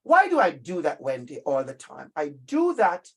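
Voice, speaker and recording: Middle-aged man, Jamaican accent, workshop presenter, emphatic, animated delivery, speaks straight to his listeners. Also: fairly high pitch, normal speed, breathy edge. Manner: emphatic and animated, addressing listeners directly by name. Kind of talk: lively professional-development talk.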